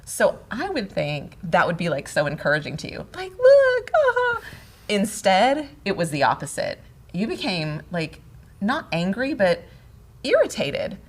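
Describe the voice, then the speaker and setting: A middle-aged woman co-hosting a casual talk on marriage, telling stories in an animated way and laughing often. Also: on the low side, normal speed, husky. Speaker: podcast co-host, wife. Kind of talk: casual conversation about marriage.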